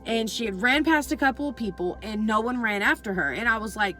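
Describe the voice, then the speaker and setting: Young adult female vlogger, loose rambling storyteller, heavy profanity, soft music bed underneath. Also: a little high, expressive, fairly quick, low-quality recording. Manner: swears freely, rambling with constant fillers. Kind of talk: casual storytelling.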